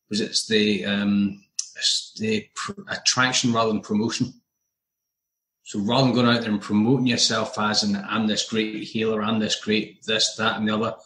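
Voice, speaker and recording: Earnest, halting man in group discussion. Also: fairly low pitch, a bit bright, slight background noise, poor audio. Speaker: group member.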